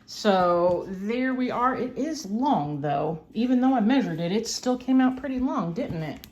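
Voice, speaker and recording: A woman's voice: fairly high pitch, expressive, unhurried, darkish tone, dull audio. An older woman, a grandmother, hosting a casual crochet vlog, chatty and rambling with frequent laughs. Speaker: crochet vlogger. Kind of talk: casual chat.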